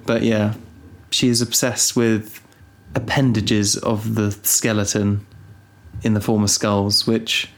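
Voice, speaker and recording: A young man co-hosting a casual podcast, rambling and teasing with deadpan asides. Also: lowish voice, takes it slowly. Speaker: podcast co-host. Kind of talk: casual chat.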